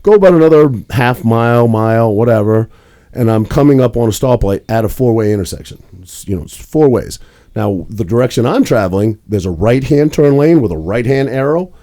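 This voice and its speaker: A man's voice: mid-range voice, lively intonation, fairly quick, mellow. A young man co-hosting a podcast, telling a rambling story in casual chat with plenty of swearing. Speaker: podcast co-host.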